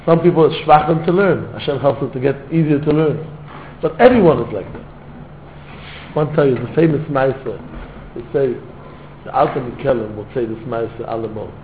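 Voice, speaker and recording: A man's voice: mid-range voice, a little fast. Male rabbi, sermon, fervent, echoey room, faint background noise. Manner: fervent, sprinkled with Yiddish and Hebrew words, non-native phrasing. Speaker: rabbi giving a Torah talk. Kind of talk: heartfelt Torah sermon with storytelling. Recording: echoey room heard over a tinny phone-like line.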